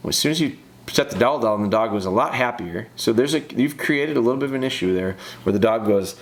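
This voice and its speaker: Speaking quickly with lively intonation, a man with a mid-range voice walks through a dog training video in a casual way. He coaches the handler directly, repeating phrases for emphasis.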